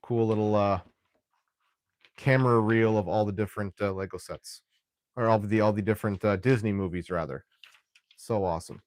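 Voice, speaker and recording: A young man hosting a live stream, chatting casually while he builds, often restarting sentences and clearing his throat. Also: lowish voice, steady tone, normal speed, long pauses, darkish tone, dry recording, clean studio sound.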